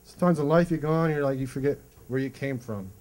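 A man from Cleveland doing a stand-up comedy set on a club stage, telling stories in an animated way. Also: fast. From Cleveland, USA. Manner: animated, storytelling, swings in pitch.

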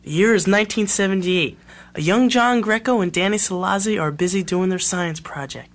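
An overblown announcer introducing a scene, as a man puts him on. The voice sits high and projects with mock grandeur. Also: normal speed, a bit bright. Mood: grandiose. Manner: announcer delivery. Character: dramatic male announcer.

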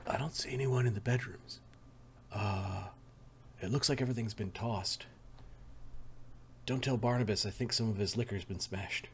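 A man voicing a sneaky male ghostly scout who reports back in hushed, conspiratorial asides during a tabletop game. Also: medium pitch, lively intonation, brisk, slight background noise, close to an everyday voice.

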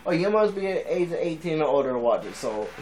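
A man's voice: on the high side, big pitch swings, a little fast, a little mellow, a little hiss or hum, rough recording. A man in his twenties, rambling casually in a vlog and laughing often. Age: 20s. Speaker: vlogger.

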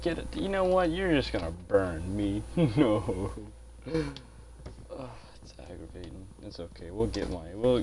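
A man's voice: low voice, slight background noise. A man giving casual gameplay commentary as a channel host, grumbling, swearing a lot and saying dude.

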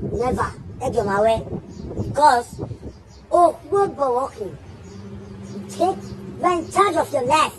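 A Nigerian woman casually addresses the camera in an emphatic, scolding tone, defending her friend with a stream of repeated questions. Her voice sits high, and the background is noisy.

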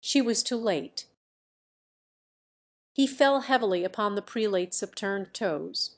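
Woman narrator, very slow and deliberate, mid-pitched, scripted audiobook read. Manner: slow, even reading of a classic novel.

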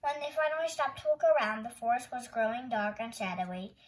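A woman hosting storytime, reading a picture book aloud in a gentle, expressive way. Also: on the high side, brisk, poor audio. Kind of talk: children's read-aloud narration.

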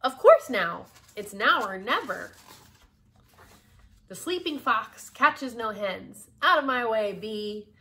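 A woman reading aloud, voicing a brisk, bossy old lady who talks in firm, emphatic proverbs. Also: on the high side, animated, sharp tone, heavily acted.

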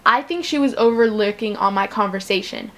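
A teenage girl casually retelling a school story, chatty and animated, acting out the quotes with exasperation. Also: medium pitch, a little fast. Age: teens.

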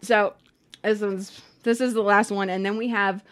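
A woman's voice: mid-range voice, fairly even intonation, normal speed, fairly bright tone. A woman co-hosting a podcast in casual chat, blunt and profane, often laughing as she talks. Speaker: podcast co-host.

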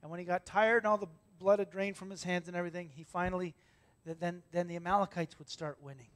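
A man with a fairly high voice preaches from a church pulpit. He tells stories with energy, acting out the characters' lines. He drops to near whispers for tender moments and rises for big ones. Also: fast talker. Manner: animated storytelling, acting out voices, swinging from loud to hushed. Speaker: pastor. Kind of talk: sermon.

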